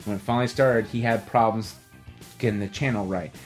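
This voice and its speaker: A man hosting a casual podcast, talking in a rambling, animated way with many restarts. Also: fairly low pitch, brisk, faint music behind. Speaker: podcast host.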